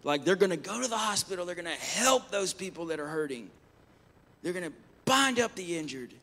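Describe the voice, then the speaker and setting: Brief: male pastor, high voice, emphatic sermon delivery with restarts. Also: big pitch swings, a little fast, sharp tone. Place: church, live-streamed service.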